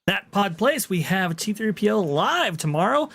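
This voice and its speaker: A male co-host eagerly plugs his upcoming shows on a casual livestream. His pitch jumps around a lot, and his voice has a gravelly fry. He sits a little higher than most men. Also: sing-song, moderate pace, fairly bright tone, dry recording. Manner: eager, upbeat promoting. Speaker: co-host and podcast host. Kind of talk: casual livestream panel chat.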